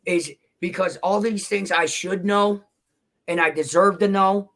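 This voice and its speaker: A man with a fairly high, bright voice speaks as a guest on a livestream panel. He answers defensively and emotionally, rambling and restarting his sentences. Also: steady tone, measured pace. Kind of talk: heated livestream argument.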